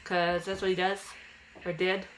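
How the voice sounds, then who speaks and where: A woman's voice: on the low side, flat delivery, unhurried, slight background noise, low-quality recording. A young woman vlogger casually telling a personal ghost story to camera, acting out quotes in a raised childlike voice.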